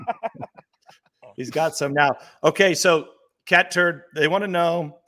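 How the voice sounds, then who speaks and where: A man's voice: a little high, takes it slowly, pushed and bright. A man hosting a political talk show, steering the questions in an upbeat, teasing way. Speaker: show host.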